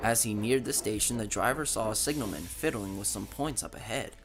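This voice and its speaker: A man narrating a children's train story in an expressive, dramatic storytelling way. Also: on the low side, fairly quick, music in the background.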